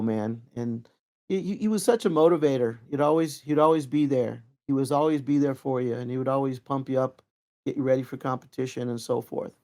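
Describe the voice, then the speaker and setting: A middle-aged man telling training stories in a casual, rambling way, full of fillers and restarts. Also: fairly high pitch. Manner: rambling, lively anecdotes with many fillers. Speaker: interview guest, Kempo practitioner. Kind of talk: casual storytelling.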